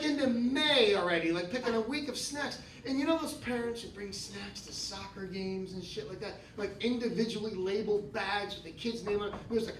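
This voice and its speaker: A man in his fifties doing a profane stand-up set and trading jabs with the audience. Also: very high-pitched. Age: 50s. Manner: brash, profane, talks back to the audience. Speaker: stand-up comedian. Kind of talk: stand-up set with crowd work. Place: comedy club stage. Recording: echoey club from a distance, loud crowd laughter.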